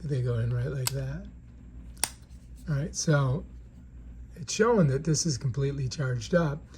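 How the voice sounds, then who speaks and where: His mid-range voice is unhurried, darkish and a bit rough. The man, a product reviewer, demonstrates something in an indoor room in a chatty way, keeps tossing "right?" to the viewer.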